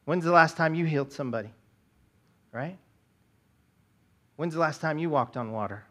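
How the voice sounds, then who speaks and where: A man with a fairly high, bright and forceful voice preaching a sermon in a church. He talks in a conversational way, tossing "right?" at the congregation and asking them rhetorical questions. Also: normal speed. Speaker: pastor.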